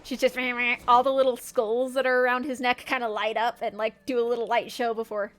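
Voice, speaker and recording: A woman's voice: fairly high pitch, little pitch movement, brisk. A woman streamer giving casual, playful gameplay commentary, often giggling as she narrates her characters' antics.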